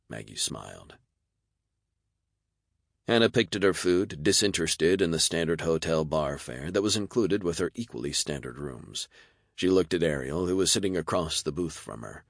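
Deep-voiced man reading a story. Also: animated, moderate pace, vocal fry, no echo, studio quality. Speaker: narrator. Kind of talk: audiobook narration of a sci-fi story.

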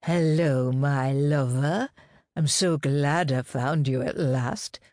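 A woman reading an audiobook, voicing a brassy, husky woman who speaks low, slow and knowing with quiet menace. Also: no echo, studio quality. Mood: sultry menace. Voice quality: husky, sensuous.

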